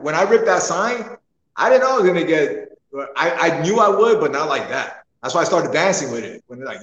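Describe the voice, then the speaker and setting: A man in a casual wrestling podcast chat, telling his stories with lots of laughter. His mid-pitched voice rings out in an echoey room with a long reverb tail. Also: a little fast, highs cut off. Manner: laughs often, animated storytelling. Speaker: wrestler guest.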